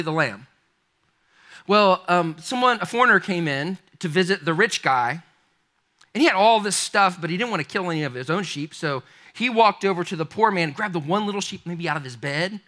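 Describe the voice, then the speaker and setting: A man preaching a sermon, telling a story in an animated, conversational way that speaks straight to his listeners. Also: sits high. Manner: animated, conversational, addresses the congregation directly. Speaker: pastor.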